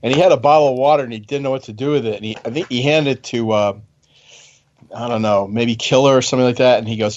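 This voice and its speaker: A man's voice: medium pitch, quick pace, a little mellow. Older man swapping war stories, muffled line. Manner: chatty storyteller, laughs at his own stories. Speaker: retired Marine officer, panelist. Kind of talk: casual anecdote telling.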